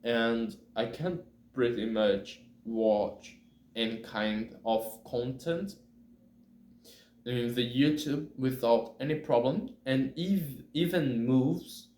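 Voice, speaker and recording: A man learning English, talking in a hesitant, halting way and often correcting himself as he chats casually on camera. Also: mid-range voice, darkish tone. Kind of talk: casual spoken monologue. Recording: echoey room.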